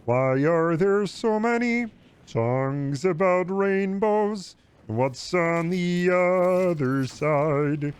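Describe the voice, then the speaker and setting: A man's voice: high-pitched, animated, very slow, smooth, heavily acted. A man doing a warbly frog puppet. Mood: crude. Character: crude male frog puppet impression. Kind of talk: improvised comedy impression.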